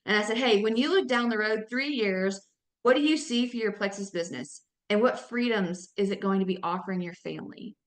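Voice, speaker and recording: A woman in her thirties, a mom of four, giving an energetic motivational training talk to her network marketing team, calling them y'all and jumping up in pitch when excited. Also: a little fast, reverberant.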